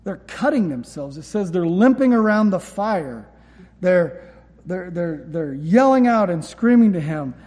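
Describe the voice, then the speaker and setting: A man's voice: sits high, expressive, measured pace, a little mellow, in a large hall. A man preaching a sermon and reading scripture aloud, earnest and repeating words for emphasis. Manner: earnest, repeats words when stressing a point. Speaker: pastor.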